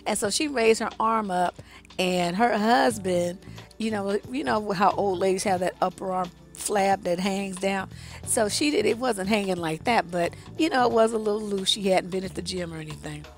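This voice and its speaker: A woman's voice: mid-range voice, moderate pace, faint music behind. A woman relationship coach giving blunt, profane, conversational advice straight to her audience. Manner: conversational, addresses the audience directly. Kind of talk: casual advice monologue.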